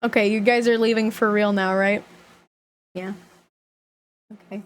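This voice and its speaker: A woman's voice: mid-range voice, fairly even intonation, a little slow, a little hiss or hum. Young woman, livestream chat, bubbly, giggly, leisurely pace. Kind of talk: casual stream chat.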